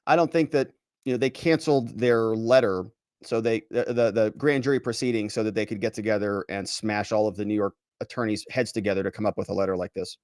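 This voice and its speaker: A man hosting a solo legal commentary show, animated and sarcastic as he reads and picks apart a letter. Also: on the low side, fairly quick, no echo, clean studio sound. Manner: animated and sarcastic, mocks quoted officials in pompous voices. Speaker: lawyer commentator, show host.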